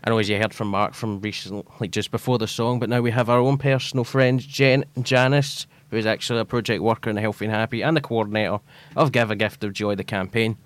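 A man's voice: lowish voice, steady tone, quick pace, few pauses, no room sound. A man hosting a community radio show, introducing a guest and asking questions in a friendly, lightly joking way. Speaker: radio host.

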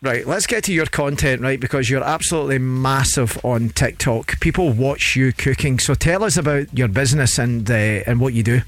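A man hosting breakfast radio, teasing and joking with his co-host and a caller, full of quick restarts. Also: mid-range voice, no room sound. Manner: jokey, teasing, stammering restarts.

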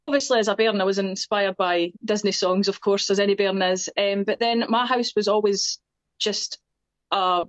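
In a casual interview, a young Scottish singer-songwriter appears as a chatty, self-deprecating guest. Her voice is medium-pitched with no room sound, though the recording is slightly muffled.

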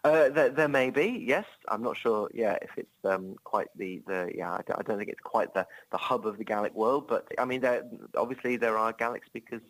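A man's voice: lowish voice, fairly quick, few pauses, low-quality recording. An English man who tours as a comedian, chatting in an interview in a rambling, amiable, self-deprecating way with many restarts. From England. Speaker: touring comedian.

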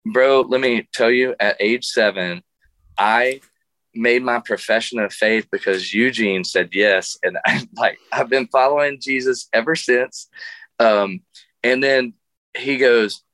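A man's voice: mid-range voice, measured pace, fairly bright tone, dry recording. A middle-aged man, a guest musician, telling a funny story in a radio interview, laughing often and restarting his sentences.

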